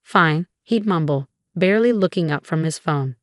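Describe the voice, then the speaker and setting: Dry, low-voiced woman narrating a story. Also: expressive, normal speed, darkish tone, no echo. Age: young adult. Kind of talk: scripted first-person story narration.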